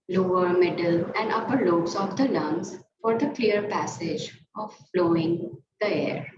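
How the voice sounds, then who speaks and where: A woman yoga instructor calmly guiding a class through breathing exercises and stretches. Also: lowish voice. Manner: slow, calm cueing of breath and movement. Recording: roomy, distant, muffled, noisy room sound.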